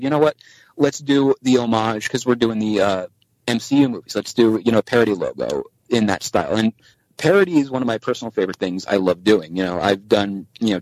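A man's voice: fairly low pitch, no room sound, poor audio. A man guest on a podcast, telling a long anecdote in casual chat and acting out the dialogue in different voices. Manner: animated anecdote teller, acts out dialogue in voices.

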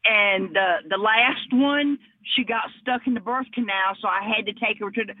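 A woman, calling into a radio show, talking excitedly and tripping over her words. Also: medium pitch, normal speed. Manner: excited, stumbling restarts, laughing. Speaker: radio caller. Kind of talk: casual phone call. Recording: tinny phone line.

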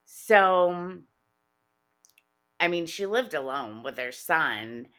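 A low-pitched woman with a bright, forceful edge tells stories in casual podcast chat. Her pitch swings widely, and she laughs her way through the punchlines. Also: drawn-out words. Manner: animated storyteller, laughs often mid-sentence. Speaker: podcast co-host.

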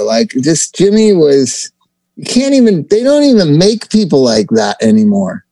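A man's voice: a little high, darkish tone, no echo. A middle-aged man calling in to a casual chat, reminiscing in a wistful way and repeating himself. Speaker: guest caller.

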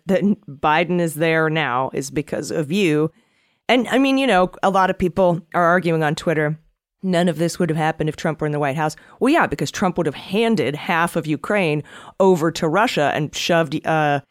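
A woman's voice: low-pitched, no room sound, clean studio sound. Chatty sarcastic woman podcast host. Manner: laughs often, chatty and sarcastic. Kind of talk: casual political podcast chat.

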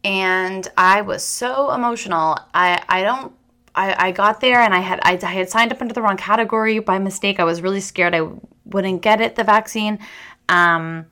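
A young adult woman hosting a podcast, talking in a chatty, rambling, self-deprecating way with restarts and quick laughs. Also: mid-range voice, pushed and bright. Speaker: podcast host. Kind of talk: casual chat monologue.

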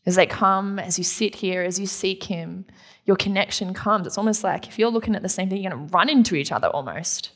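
A woman's voice: medium pitch, a little fast. A woman pastor preaching a sermon in an earnest, conversational way, acting out quotes as she goes.

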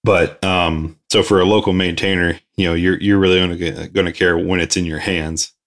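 A man's voice: low voice, little pitch movement, normal speed, fairly bright tone. A man who works in aircraft maintenance, talking casually and thoughtfully with plenty of ums and a dry sense of humor. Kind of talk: casual shop talk.

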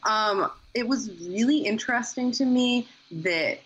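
A young woman co-hosting a gossip podcast with wry, deadpan jokes. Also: fairly high pitch, unhurried, breathy edge, lo-fi sound. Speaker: podcast co-host. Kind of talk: casual celebrity gossip chat.

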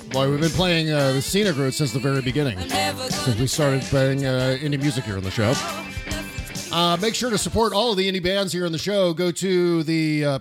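A man hosting a podcast from a studio, chatting casually, laughing often and swearing freely. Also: mid-range voice. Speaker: podcast host. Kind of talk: casual political podcast chat.

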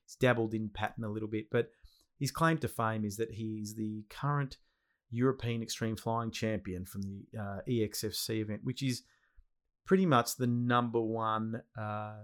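A man's voice: lowish voice, fairly even intonation, moderate pace. An Australian man hosting a casual podcast interview, enthusiastic and slangy, often repeating himself. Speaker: podcast host.

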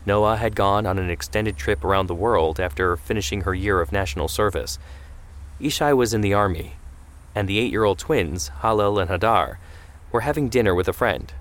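A man narrating a scripted story in a steady storytelling way. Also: on the low side, a little fast.

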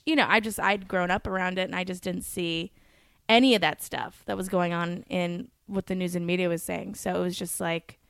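Smooth-voiced woman chatting and laughing. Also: fairly low pitch, steady tone, fairly bright tone, dry recording, studio quality. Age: early 30s. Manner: chatty, laughs often, quick asides. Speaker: comedian guest. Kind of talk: casual comedic chat.

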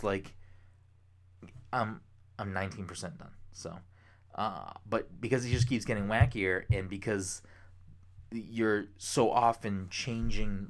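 A young man co-hosting a podcast, chatting casually, rambling with excitement and swearing freely. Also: fairly low pitch. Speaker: podcast co-host. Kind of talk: casual chat.

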